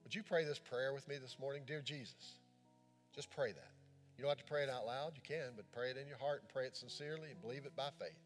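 A male pastor delivers a sermon with rising fervor, then sinks into a soft, hushed voice as he leads the congregation in prayer. His voice sits at an average pitch for a man. A faint guitar plays underneath. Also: fast. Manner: impassioned preaching that drops to soft, hushed prayer. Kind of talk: sermon with altar call prayer.

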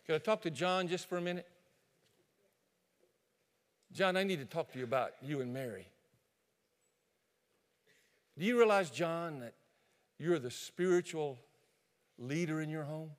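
A male pastor preaching a sermon in an animated storytelling way, addressing listeners directly. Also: on the high side, moderate pace, pauses often, big-room sound.

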